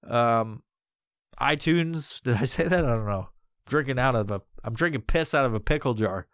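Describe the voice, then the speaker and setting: A man hosts his own podcast alone, talking off the cuff and drifting onto side trails. His speech is packed with profanity, but his voice is smooth and resonant. The sound is dry and close, with no room in it. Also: mid-range voice, expressive, normal speed, a bit bright, no room sound. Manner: rambling, heavily profane, off-the-cuff. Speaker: podcast host. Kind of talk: casual solo podcast monologue.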